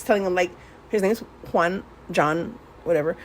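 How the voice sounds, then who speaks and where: A woman's voice: fairly low pitch, normal speed. A woman talks through her past in an easygoing, rambling way, laughing often and cursing freely. She drops Spanish words into her English. A faint hiss sits under the voice. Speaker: vlogger. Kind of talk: casual storytelling while swatching paints.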